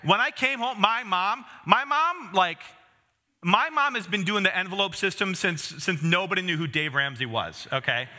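Thirties male pastor, chatty sermon delivery, bright and slightly high voice, self-deprecating humor. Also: lively intonation, normal speed. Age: 30s. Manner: conversational, self-deprecating humor with asides to the congregation.

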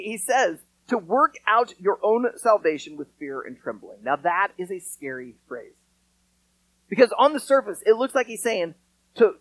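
A man's voice: high-pitched, no room sound, low-quality recording. A man preaching a sermon as pastor, talking to the congregation in an earnest, conversational way with touches of dry sarcasm.

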